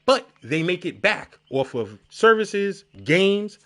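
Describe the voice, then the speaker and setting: A man streaming a game and chatting casually, telling stories with lots of profanity and shouting out crowd reactions. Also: high voice, slow. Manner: profane, animated storytelling with shouted crowd imitations.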